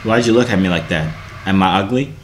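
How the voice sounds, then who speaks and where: A man's voice: sits low, a little fast, slight background noise. A young man hosting his video channel, joking and teasing strangers in a casual video chat. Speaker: YouTuber host.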